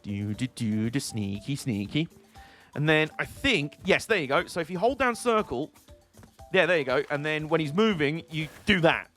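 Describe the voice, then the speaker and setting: A man's voice: fairly high pitch, animated, moderate pace, bright, forceful tone, faint music behind. A British man streaming a video game, giving casual, joking and rambling commentary. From Britain.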